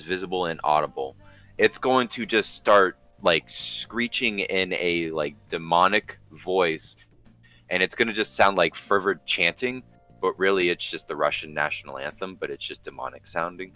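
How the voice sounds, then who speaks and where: A man playing a tabletop game, describing his character's sneaky actions in casual table talk while thinking aloud with frequent pauses. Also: low voice, sharp tone, faint music behind. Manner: thinking aloud, pausing with ums and restarts.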